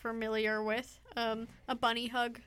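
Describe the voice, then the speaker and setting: A woman's voice: on the high side, flat delivery, moderate pace, fairly bright tone, smooth. A woman co-hosting a casual podcast, firing back playful comebacks and laughing easily. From Canada. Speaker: podcast co-host. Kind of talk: casual chat.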